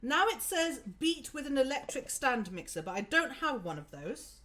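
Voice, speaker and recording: A woman's voice: sits high, big pitch swings, normal speed, fairly bright tone. A woman hosting a live cooking stream from her home kitchen, chatting casually and giggling as she talks through each step.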